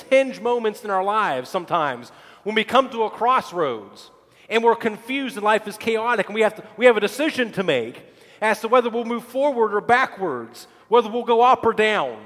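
High-voiced male pastor preaching in a reverberant hall. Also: a bit bright. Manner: preacherly, with repeated phrases and restarts. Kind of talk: sermon. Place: church sanctuary.

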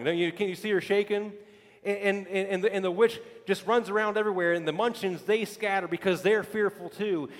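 A male pastor preaching a sermon, telling stories with lively emphatic repetition. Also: high voice, big-room sound. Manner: animated storytelling with emphatic repetition.

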